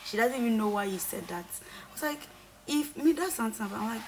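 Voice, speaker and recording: A woman's voice: fairly high pitch, quick pace, a little hiss or hum. A young woman in a casual conversation, earnestly retelling a falling-out with repeated quoted dialogue. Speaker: reality show contestant.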